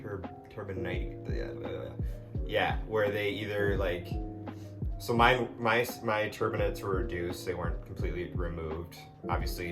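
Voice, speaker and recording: A young man talking casually to camera at home, rambling with lots of fillers. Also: low voice. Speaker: vlogger. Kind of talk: casual vlog talk to camera. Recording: background music, voice a bit distant. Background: soft background music.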